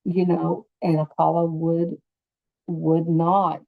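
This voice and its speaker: A middle-aged grandmother chats as a podcast guest, telling family stories with lively acted-out quotes. Her voice sits somewhat low. The sound is dry, with no room echo. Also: takes it slowly, creaky, phone-quality sound. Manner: animated, acts out quotes in the story. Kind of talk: casual conversational storytelling.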